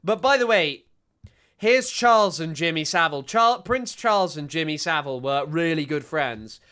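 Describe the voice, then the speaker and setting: A man's voice: a little high, animated, normal speed, bright, forceful tone, smooth. A man commenting on a live stream, ranting and exasperated, with frequent restarts.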